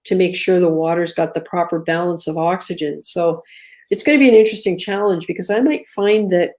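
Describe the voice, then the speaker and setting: A woman's voice: lowish voice, brisk, darkish tone. A woman hosting a live stream, talking in an easygoing, chatty way and thanking her guests. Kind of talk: casual live-stream chat.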